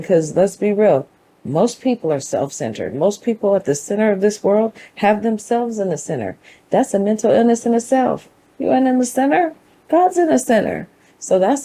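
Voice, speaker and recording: A woman's voice: medium pitch, mellow, rough recording. A woman hosting her own show, giving an emphatic, conversational motivational monologue with a preachy, faith-driven edge. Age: adult mother. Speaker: show host.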